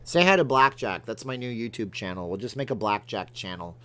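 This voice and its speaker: A man's voice: fairly low pitch, expressive, fairly quick, fairly bright tone. A middle-aged man from Canada hosting a casual livestream, reading viewer comments and rambling between jokes and remarks to his cat. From Alberta, Canada. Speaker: livestream host.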